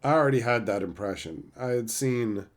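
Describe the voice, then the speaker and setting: A man's voice: medium pitch, normal speed. A man casually reading live chat on a stream and teasing his chatters in a playful, mock-insulting way.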